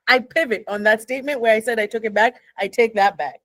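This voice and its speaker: A woman's voice: fairly high pitch, brisk, fairly bright tone, dry recording. A young adult woman co-hosting a podcast in casual chat, joking and playfully defiant. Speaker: podcast co-host.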